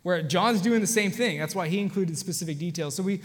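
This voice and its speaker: A man's voice: high voice, brisk, big-room sound. A man pastor giving a conversational sermon, telling a personal story and talking straight to the congregation with many restarts. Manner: conversational, frequent restarts, addresses audience directly.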